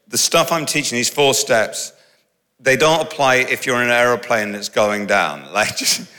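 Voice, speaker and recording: A middle-aged man preaching in a large hall, his bright, forceful voice ringing out with a long reverb. He talks in a lively, conversational way and slips in humorous asides between his points. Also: mid-range voice. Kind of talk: sermon.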